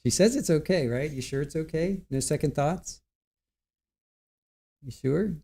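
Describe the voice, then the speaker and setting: A man's voice: fairly high pitch, a little slow, gravelly, mellow, breathy edge. A man in his forties hosting a casual livestream, rambling, stumbling over words and reading viewer comments aloud. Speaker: livestream host.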